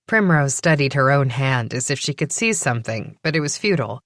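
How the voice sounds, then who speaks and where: Dry, low-voiced woman narrating an audiobook. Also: lively intonation, fairly quick, few pauses, no room sound. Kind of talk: first-person audiobook narration. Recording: dry studio close mic.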